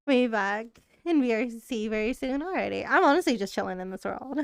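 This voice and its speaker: A woman's voice: a little high, animated, fairly quick, vocal fry, smooth, no echo, studio quality. A woman streamer in rambling, casual live-stream chat with her viewers, laughing often.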